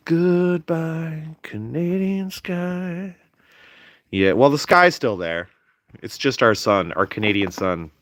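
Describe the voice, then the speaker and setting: A man's voice: lowish voice, dry recording, studio quality. A sleepy young man hosting a casual stream, reading chat in a playful, teasing way.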